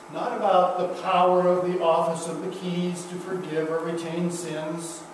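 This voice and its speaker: A man preaching a sermon as pastor, building slow, emphatic repeated refrains. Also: high voice, little pitch movement, a little hiss or hum. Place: church sanctuary. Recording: echoey church from a distance.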